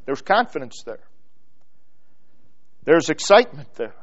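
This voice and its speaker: Male preacher, high-pitched and unhurried; stacks phrases for emphasis, drops low at the ends. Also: expressive, dull audio. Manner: slow, emphatic preaching that builds in lists and trails off softly. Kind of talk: sermon.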